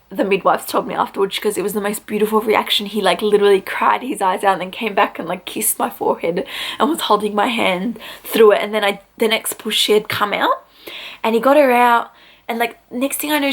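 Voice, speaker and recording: A woman's voice: a little high, gravelly. A young woman, chatty and full of "like" fillers, telling a personal story to camera in a casual vlog. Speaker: vlogger.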